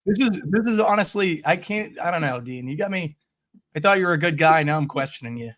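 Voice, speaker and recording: A man's voice: on the high side, animated, brisk, a bit bright, no room sound. A man guest on a sports stream, chatting casually and teasing the host, often hesitating and trailing off mid-sentence. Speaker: guest analyst.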